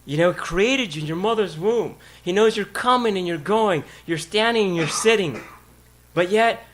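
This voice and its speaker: A man's voice: sits high, moderate pace. A male pastor preaching a sermon, emphatic and conversational, repeating key words and putting questions to the congregation. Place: church.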